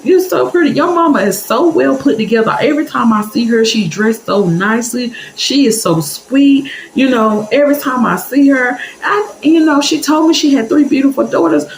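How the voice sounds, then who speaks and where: A woman's voice: high voice, moderate pace, few pauses, reverberant, voice pushed up, low-quality recording. A woman putting on a gushing churchwoman. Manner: sugary, effusive, fussing with compliments. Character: gushing churchwoman in her late fifties.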